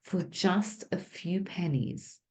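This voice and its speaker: Woman narrator voicing an old dying rabbi: earnest, tearful, a touch lower. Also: takes it slowly, darkish tone, slight background noise.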